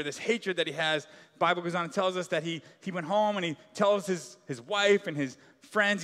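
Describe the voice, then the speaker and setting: A man's voice: high voice, a bit bright. A man preaching a sermon as pastor in a large church hall, casual and joking, full of filler words.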